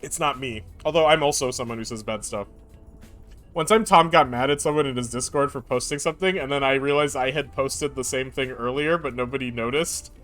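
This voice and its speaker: A young man rambles through a casual live stream, joking as he goes and slipping into baby talk for his cat. His pitch sits in the middle range, and soft music plays faintly behind him. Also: fairly quick. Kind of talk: casual chat.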